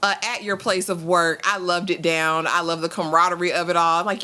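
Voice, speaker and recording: A woman's voice: fairly low pitch, steady tone, a little fast, hardly any pauses, sharp tone. A woman co-hosting a TV review show, chatting playfully in with frequent laughs. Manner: laughing, playful, quotes characters. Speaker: TV review podcast co-host. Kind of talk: casual TV recap chat.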